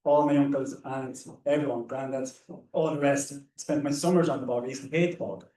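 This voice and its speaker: An Irish man tells anecdotes on a panel, his mellow voice tripping over repeated words. He is picked up from some distance away. A roomy echo surrounds him. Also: mid-range voice, steady tone, brisk. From Ireland. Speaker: conservationist panelist. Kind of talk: panel discussion. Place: hall or seminar room.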